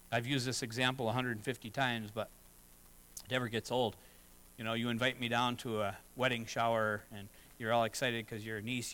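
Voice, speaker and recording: A middle-aged pastor preaches a sermon from the pulpit, earnest yet conversational, slipping into short acted-out asides. His voice is an ordinary middle pitch with a fairly bright tone, and the audio is poor.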